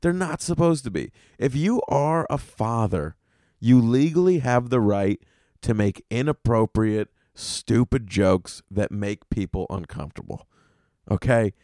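Male comic podcast host, mid-pitched, swears freely, animated rant, very dry close mic. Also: unhurried, no room sound. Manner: profane, animated ranting.

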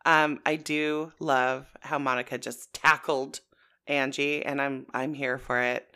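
A woman's voice: rumbling low, little pitch movement, measured pace, bright, forceful tone, clear, resonant tone. A woman from Canada co-hosting a podcast, talking bluntly in casual chat, swearing and laughing easily. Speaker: podcast co-host.

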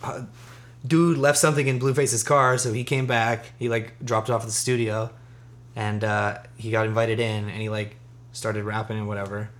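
A man's voice: fairly low pitch, level tone, normal speed. Casual male podcast co-host, loose and rambling, laughs a lot, curses freely. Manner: laid-back, rambling, laughs often, swears freely. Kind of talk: casual chat.

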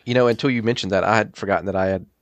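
A man co-hosting a podcast, chatting casually and animated, laughing often. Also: fairly low pitch, racing, no echo. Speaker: podcast co-host. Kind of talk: casual chat.

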